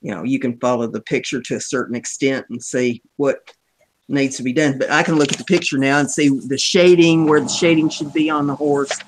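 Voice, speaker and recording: A woman's voice: rumbling low, fairly even intonation, a little fast, a little hiss or hum, poor audio. A woman guest on a video call, chatting casually and explaining her craft with lots of "you know"s. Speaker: guest wood carver. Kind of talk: casual interview chat.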